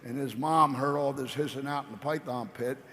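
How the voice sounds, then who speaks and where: A man's voice: mid-range voice, brisk, a bit bright. Folksy man on a convention stage. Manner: rambling, folksy, playful. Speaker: convention keynote speaker. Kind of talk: motivational storytelling speech. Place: large convention hall stage. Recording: echoey convention hall.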